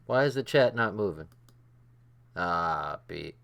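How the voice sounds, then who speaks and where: A man's voice: low-pitched, slow pace, creaky. An older man hosting a late-night livestream, laughing hard and swearing a lot as he reacts to a show. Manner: laughing, profane, excitable. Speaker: livestream host.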